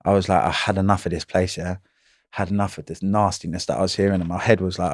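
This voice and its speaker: A man's voice: sits low, steady tone, fast talker, dry recording, studio quality. A man, telling prison stories in a casual interview, in heavy slang with frequent swearing and "you know what I mean".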